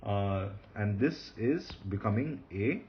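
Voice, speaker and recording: A man teaching Hebrew grammar in a recorded lecture, patient, repeating key points and often pausing with fillers. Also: on the low side, animated, lo-fi sound, slight background noise.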